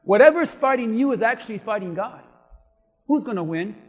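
A man preaching a sermon as pastor in a church, his delivery building from steady teaching to impassioned shouting. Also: sits high, fairly quick, big-room sound. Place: church sanctuary.

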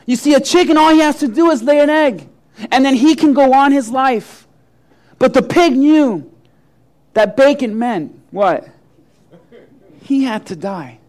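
A pastor delivers a sermon in a strikingly high voice. He tells his story with vivid voices for each part. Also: animated, a little slow, long pauses, a little mellow. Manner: storytelling preacher, acting out voices.

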